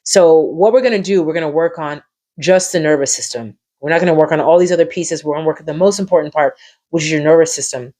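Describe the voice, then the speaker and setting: Low-voiced woman coaching a live stream. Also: fast talker. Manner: encouraging, repeats phrases, lively reactions to viewers. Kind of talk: live-stream coaching talk with chat shout-outs.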